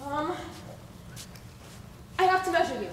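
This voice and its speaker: A young woman playing a kind, scatterbrained mirror fairy in a school stage play, gentle and coaxing. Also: very high voice, expressive, a little slow, slight background noise. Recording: echoey hall, far off.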